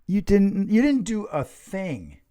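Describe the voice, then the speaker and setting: Podcast guy playing the wounded one, pitch jumping all over, dry close sound. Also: slow pace, smooth, dry recording. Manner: mock-aggrieved, teasing, lively pitch. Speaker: podcast co-host. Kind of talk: casual couple banter.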